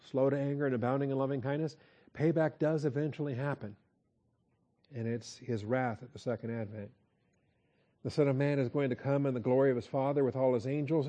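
A man leads a verse-by-verse Bible study in a warm, mellow voice. He talks conversationally, checking in with his listeners and slowing down to repeat key points. His pitch sits in the middle range. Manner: conversational, with frequent "okay?" check-ins and slow emphatic repeats. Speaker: pastor.

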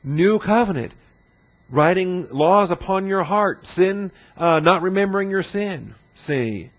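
A man teaches a Bible class in a relaxed, slightly high-pitched lecturing voice at a measured pace, conversationally checking in with listeners through "all right?" and "see?" The audio is dull and lo-fi, like an old classroom tape.

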